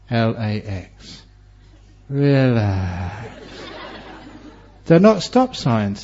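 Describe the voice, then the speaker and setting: A man who is a Buddhist monk teacher, giving a Dharma talk and telling stories with humor and lively, varied delivery. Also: mid-range voice. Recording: dull lo-fi recording.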